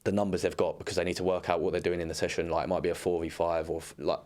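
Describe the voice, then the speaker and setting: Fast-talking low-voiced young man. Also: flat delivery, darkish tone. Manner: rambling anecdotes, swears freely. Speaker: former footballer guest. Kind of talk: casual storytelling chat.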